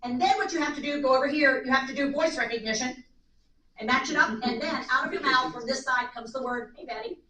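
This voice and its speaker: A woman lecturing a live audience on aging in an animated way, acting out little voices, in a seminar room. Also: high voice, fairly quick. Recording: echoey room, distant mic, faint noise.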